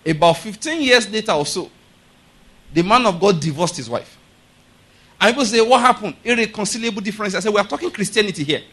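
A man's voice: high-pitched, lively intonation, fast talker, fairly bright tone, husky. A middle-aged male pastor preaching a sermon, emphatic and often checking with his congregation through rhetorical questions.

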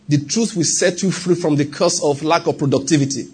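A man's voice: on the high side, normal speed, few pauses, darkish tone, husky. A man preaching a sermon as pastor, repeating his points and checking in with the congregation.

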